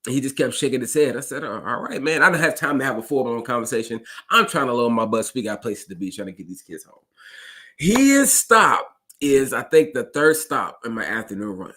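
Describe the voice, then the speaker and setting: A man who drives a school bus, casually telling a story to his listeners and acting out the dialogue with lively jumps in his voice. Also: a little fast. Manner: animated, acts out dialogue with big pitch jumps; conversational, addresses listeners directly.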